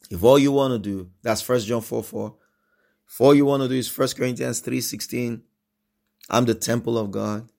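A man's voice: medium pitch, vocal fry, darkish tone. A male pastor preaching a devotional sermon with an earnest, pleading manner, repeating short phrases like a chant.

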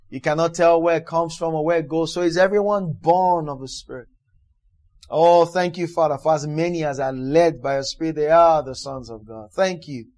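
A male preacher delivering a fervent sermon, repeating his appeals and reading aloud from scripture. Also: sits high. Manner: fervent, repetitive, prays in tongues.

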